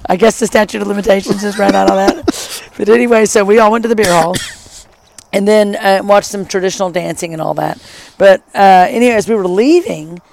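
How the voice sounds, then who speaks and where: Middle-aged ex teacher, gravelly voice, excited storytelling, keeps adding side notes. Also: medium pitch, brisk, noisy background. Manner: animated, enthusiastic storyteller with many asides. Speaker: former high school teacher. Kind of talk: casual storytelling.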